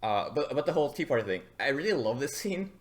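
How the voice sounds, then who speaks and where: A man's voice: medium pitch, big pitch swings, quick pace. A man co-hosting a casual anime podcast, blunt and profane, often breaking into laughter. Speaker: podcast co-host. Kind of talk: casual chat about anime.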